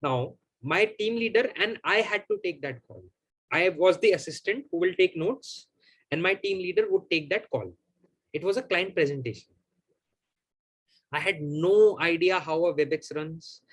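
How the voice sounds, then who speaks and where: A man, hosting a live Q&A and telling a personal story to his audience in an animated, emphatic, repetitive way. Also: high-pitched, moderate pace. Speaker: host of a live Q&A.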